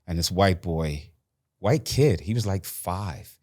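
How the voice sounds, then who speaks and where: A man with a fairly low voice tells his stories as a guest in a casual interview. He grew up in Jamaica and the Bronx, and he talks in an animated way, acting out the lines of the people in his stories. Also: slow. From grew up in Jamaica and the Bronx, New York. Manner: animated storyteller who acts out quotes.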